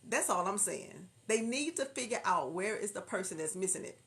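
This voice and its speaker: Woman, Southern drawl, livestream host, chatty and laughing, reads comments out, mid-pitched voice. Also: animated, normal speed, few pauses, fairly bright tone. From Houston, Texas. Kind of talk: casual livestream chat.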